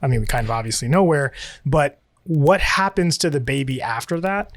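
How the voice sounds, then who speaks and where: Chatty man with a slightly high voice. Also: moderate pace. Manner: rambling, self-interrupting, laughs often. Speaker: podcast co-host. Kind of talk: casual chat.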